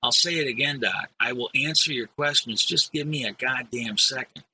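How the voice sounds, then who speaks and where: A man's voice: on the low side, very animated, fairly quick, bright, forceful tone, slight background noise, exaggerated voice, poor audio. A man reading aloud as a sarcastic, irritable male test patient who swears a lot. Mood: irritated.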